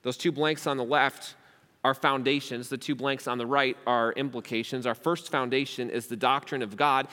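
A man's voice: medium pitch, steady tone, moderate pace, sharp tone, long reverb tail. A young man preaching a sermon as pastor, emphatic and asking rhetorical questions. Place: church hall.

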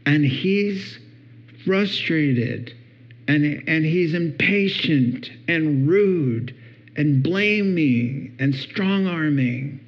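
A man preaching a sermon as a pastor, playful and deliberate, acting out what spouses say. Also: a little high, animated. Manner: playful, acts out spouses' words with laughter. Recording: dull lo-fi sound.

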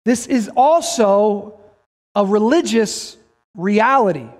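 High-voiced man preaching in a reverberant hall. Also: lively intonation, takes it slowly. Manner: emphatic, rises to shouts, reads scripture aloud. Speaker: pastor. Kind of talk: sermon.

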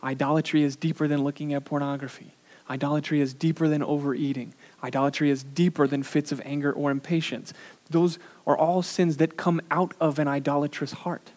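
A man preaching a sermon in an earnest way, sometimes pausing on "uh", who pushes his voice up for emphasis and then drops it low and quiet. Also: little pitch movement. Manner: earnest preaching with frequent "uh" fillers. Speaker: pastor.

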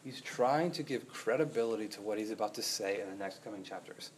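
A young adult man preaching a sermon as pastor, conversational and animated, asking the room rhetorical questions and acting out quotes. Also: fairly low pitch, brisk, a little hiss or hum.

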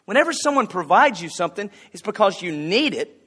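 High-voiced folksy preacher man. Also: sing-song, fairly quick, bright, forceful tone, husky. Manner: folksy, conversational, jokes with the congregation. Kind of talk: casual sermon with anecdotes.

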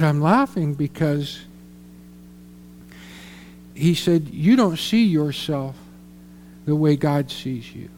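A man's voice: on the high side, a little mellow, in a large hall, a little hiss or hum. A middle-aged man preaching a sermon as a pastor, telling a personal story earnestly and repeating words for emphasis. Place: church sanctuary.

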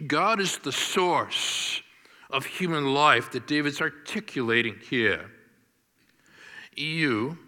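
Slow, emphatic man preaching a sermon. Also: on the high side, pushed and bright, in a large hall. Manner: deliberate, emphatic preaching with stressed key words. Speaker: pastor.

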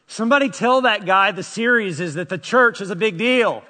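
A man preaching a sermon as pastor, impassioned and pleading, swinging between hushed and loud passages. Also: high-pitched, moderate pace. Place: church sanctuary. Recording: long hall reverb.

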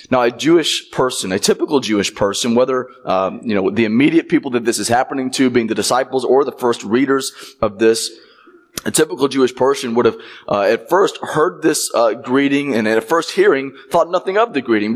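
A man preaching a sermon, his pitch sitting in the middle range. His delivery is conversational, with frequent asides and repeated phrases for emphasis. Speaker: pastor.

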